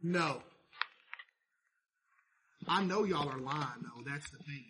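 Excitable high-voiced male streamer. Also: slow pace, a little hiss or hum. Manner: animated, mock-stressed, talks to chat. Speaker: streamer playing a laundromat game. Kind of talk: casual gameplay commentary to chat.

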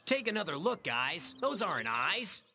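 A man's voice: high voice, sing-song, normal speed, background noise. A hammy, lovestruck young guy. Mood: earnest.

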